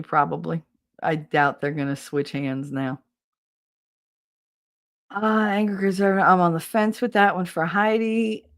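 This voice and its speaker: A woman in her forties hosting a casual livestream, telling a family story and acting out everyone's lines with big jumps in her voice. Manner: animated, acts out quotes with big pitch jumps. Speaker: livestream host.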